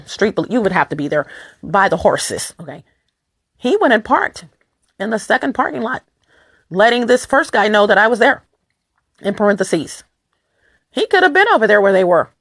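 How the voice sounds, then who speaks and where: A woman vlogging to her viewers in a casual, rambling monologue, emphatic and repeating words in quick bursts, with her voice going lower and rough. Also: very animated, a bit bright.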